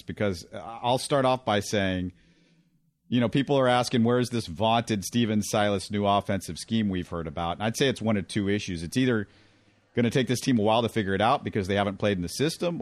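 A man's voice: on the low side, dry recording. A man hosting a sports podcast, laying out basketball results steadily and putting questions to his co-host. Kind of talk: casual sports discussion.

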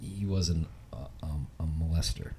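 A man in casual chat, throwing in short quips and jokes, with a husky voice. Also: very deep voice, steady tone, moderate pace, warm tone.

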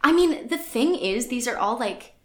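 An American woman co-hosting a podcast chats casually, leaning on fillers, poking fun at herself, and reading passages aloud from a website. Her fairly high voice has lively intonation at a normal speed, recorded in an echoey room.

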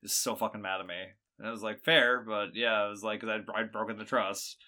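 A man's voice: fairly low pitch, flat delivery, quick pace, bright, forceful tone. A young man with a sick voice hosting a podcast in casual, rambling chat. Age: young adult. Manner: rambling, many "like" fillers. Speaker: podcast host.

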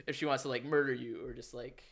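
A young man hosting a podcast and running an improvised tabletop game, animated and giggly, swearing freely. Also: mid-range voice, quick pace, creaky. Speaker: podcast host and game master. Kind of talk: improvised tabletop role-play.

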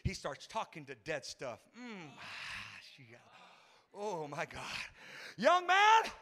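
A man preaching a fervent sermon as pastor, swinging from hushed passages to shouted ones and breaking into tongues. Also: fairly high pitch, animated, slow. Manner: speaks in tongues between phrases.

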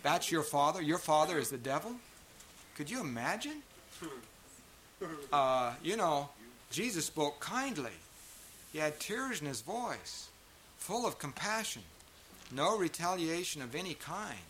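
A pastor preaching a sermon to a congregation, emphatic and full of rhetorical questions. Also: male voice, fairly high pitch, big pitch swings, a little slow, long pauses, a bit bright, a little hiss or hum. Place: church meeting.

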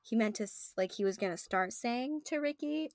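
Une femme animée qui discute d'un livre, voix sèche et proche. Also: female voice, on the high side, normal speed, dry recording, studio quality. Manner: animated, reads passages aloud. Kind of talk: casual book discussion.

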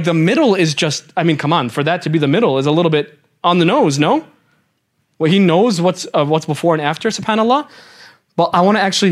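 A man teaching a lively religious class, quizzing the students and mixing in casual slang. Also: fairly high pitch. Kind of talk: interactive classroom lecture.

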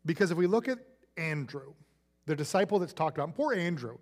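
A man's voice: fairly high pitch, animated, brisk, long reverb tail. A male pastor preaching a sermon in a conversational, playful way, acting out quoted voices.

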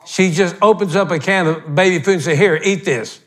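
A man's voice: high-pitched, brisk. An older man preaching a sermon as pastor, talking in a folksy, blunt way that swells into emphatic outbursts.

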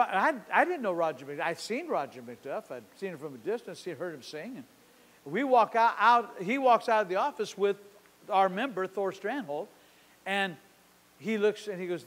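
A man preaching a sermon as pastor, telling a story and acting out its dialogue with shifting loudness. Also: sits high. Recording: long hall reverb.

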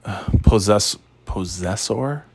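A man's voice: fairly low pitch, takes it slowly, gravelly, a little mellow, breathy edge. A man hosting a casual chat, rambling and sarcastic, swearing freely.

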